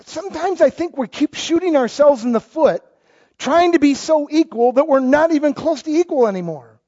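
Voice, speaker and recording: A high-pitched middle-aged man, delivering a sermon from the pulpit. He swings from loud, punchy lines to soft asides. The recording is dull and lo-fi. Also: animated, moderate pace. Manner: emphatic, swings between loud exclamations and quiet asides. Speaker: pastor.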